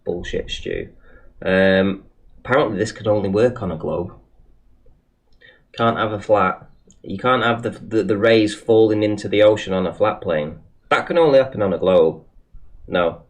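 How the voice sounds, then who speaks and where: Scornful man commentating, low voice. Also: normal speed, long pauses. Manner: sarcastic, scornful. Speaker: commentator on the debate. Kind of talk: mocking commentary over a clip.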